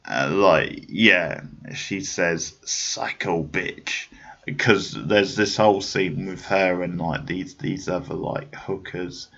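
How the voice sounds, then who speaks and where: On dull-sounding audio, a podcast host with a deep, creaky, slightly bright voice talks slowly about a film. The casual review wanders, full of restarts and filler words.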